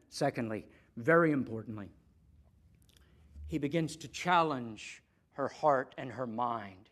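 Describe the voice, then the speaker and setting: Male pastor, sermon delivery; emphatic, shifting between loud stresses and quiet asides. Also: on the high side.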